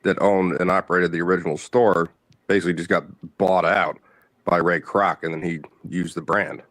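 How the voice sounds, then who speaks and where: A man's voice: low voice, flat delivery, moderate pace, a bit bright, no room sound. A man co-hosting a casual podcast chat, laid-back and chiming in with comparisons. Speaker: podcast co-host.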